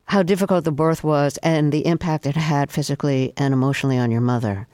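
An interviewer asking direct, measured questions. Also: medium pitch, fairly even intonation, darkish tone, no room sound, studio quality.

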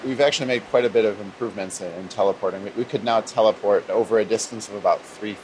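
Low-voiced, hesitant male lab researcher. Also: quick pace, a little mellow, a little hiss or hum, poor audio. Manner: hesitant, repeats words. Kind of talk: casual interview answers.

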